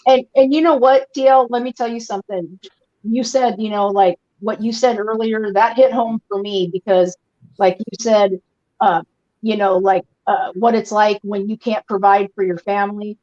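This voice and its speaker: A woman's voice: mid-range voice, steady tone, moderate pace, mellow, dull audio. A woman in her forties telling a personal story in casual chat, rambling with lots of "like" and "you know". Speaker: guest on a fan podcast.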